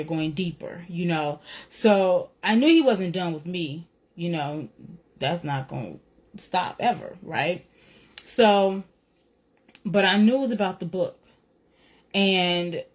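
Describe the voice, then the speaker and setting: A woman's voice: fairly low pitch, darkish tone. A woman telling a personal faith story in a casual, earnest way, often checking in with "right?" and "you know". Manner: reflective, retelling feelings with rising emotion. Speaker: author sharing a personal testimony.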